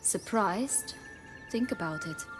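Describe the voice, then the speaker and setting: A woman's voice: mid-range voice, expressive, slow. An actress playing a sly, scheming young noblewoman in a video game, teasing and commanding. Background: game music.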